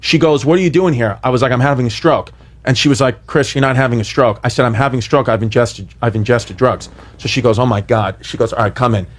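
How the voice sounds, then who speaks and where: A man telling a comedic story on a podcast, animated and profane, acting out the lines he quotes. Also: medium pitch, fast talker.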